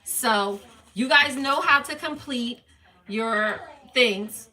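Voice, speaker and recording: A woman's voice: on the high side, slow pace, pushed and bright. A woman hosting a livestream, reading out her monthly spending figures and explaining them step by step to viewers. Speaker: budgeting livestream host. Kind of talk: casual budget walkthrough livestream.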